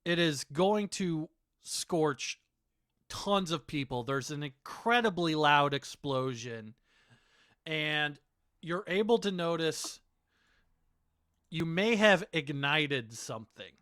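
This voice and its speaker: A man runs a tabletop game, taking his time with the narration and pausing on fillers. His voice comes through smooth and resonant, recorded close and dry with no room sound. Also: a little high, lively intonation, a bit bright, dry recording. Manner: unhurried, filler-heavy narration. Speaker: game master.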